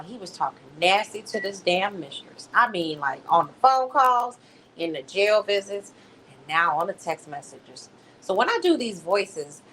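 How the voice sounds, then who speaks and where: A woman hosts her own livestream in a relaxed, gossipy chat. Her voice sits on the low side, and she keeps calling the audience baby. She rambles through the story with an easy, talkative pace. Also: slight background noise, rough recording. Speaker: livestream host. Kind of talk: casual live stream commentary.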